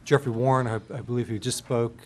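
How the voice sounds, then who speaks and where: A man's voice: medium pitch, steady tone, fast talker, heavy background noise. A man on a county board's staff explaining meeting business, hesitant, with frequent ums and restarted words. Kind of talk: official meeting procedure.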